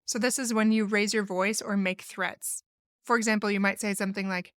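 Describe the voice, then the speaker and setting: A woman's voice: medium pitch, fairly even intonation, brisk, fairly bright tone, smooth, no room sound, clean studio sound. A woman therapist hosting a solo podcast, explaining family communication in an earnest, instructive way and acting out sample phrases. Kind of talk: solo podcast advice talk.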